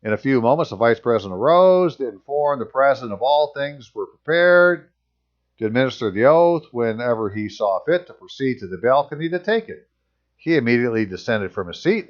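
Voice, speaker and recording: A man's voice: mid-range voice, big pitch swings, brisk. Man, sarcastic commentary, reads aloud then remarks, dull lo-fi sound. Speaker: channel host. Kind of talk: casual commentary, reading aloud.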